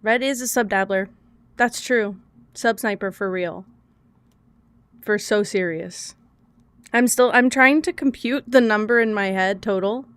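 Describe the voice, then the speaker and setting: A woman's voice: medium pitch, unhurried, long pauses, fairly bright tone, clear, resonant tone, no room sound. A young woman streaming a video game, chatting casually with her viewers, laughing often and swearing freely.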